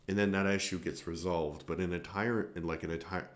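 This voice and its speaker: A man's voice: low-pitched, steady tone, fairly quick. A man hosting a film review podcast, talking casually and rambling, with many fillers and restarts.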